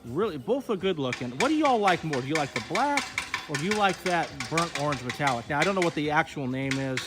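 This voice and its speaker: A man's voice: fairly high pitch, big pitch swings, fairly quick, music in the background. A man hosting a casual walkaround of an outdoor car show, chatty and enthusiastic, talking straight to his viewers. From Texas. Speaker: host.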